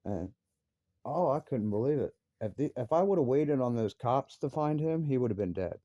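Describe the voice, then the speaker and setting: A man's voice: medium pitch, expressive, normal speed, mellow, no echo, highs cut off. A man, a father, angrily ranting about his family with heavy swearing, his voice jumping up into outbursts. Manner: angry, profane, voice rising sharply into outbursts. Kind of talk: heated personal rant.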